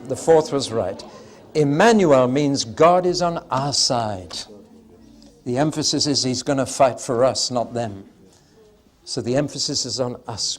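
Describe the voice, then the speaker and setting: A man's voice: medium pitch, expressive. Emphatic male Bible teacher. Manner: emphatic, with sudden swells in loudness and drawn-out stressed words. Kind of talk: Bible teaching talk to a live audience.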